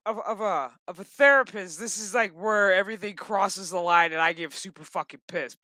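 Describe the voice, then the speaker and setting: A woman in her thirties recapping a TV episode in a casual, animated rant full of swearing. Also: medium pitch, dry recording. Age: 30s. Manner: ranting, heavy swearing, animated.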